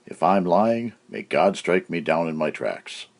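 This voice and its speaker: A man with a very low voice hosts a cartoon comedy show. His pitch swings widely as he punches through jokes. The delivery is brash and playful. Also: lively intonation, unhurried, heavy background noise. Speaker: comedy host. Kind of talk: joke-telling comedy monologue.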